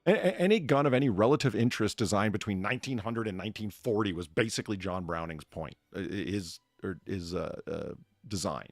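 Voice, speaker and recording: A man's voice: on the low side, expressive, a little fast, dry recording, soft background music. A man hosting a casual chat, rambling with many fillers and restarts. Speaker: podcast host.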